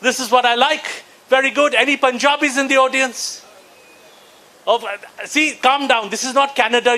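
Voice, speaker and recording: A man from Bengal doing an animated, mock-indignant stand-up set at a conference. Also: very high-pitched, normal speed, rough recording. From Bengal, India. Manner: animated, mock-indignant, bursts into shouting impressions. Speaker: stand-up comedian. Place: conference hall before a live audience.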